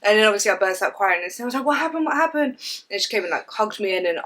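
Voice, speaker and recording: Fast-talking woman telling a ghost story. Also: mid-range voice. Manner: fast animated storytelling, acts out sounds and quotes. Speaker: vlogger. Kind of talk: casual storytelling to camera.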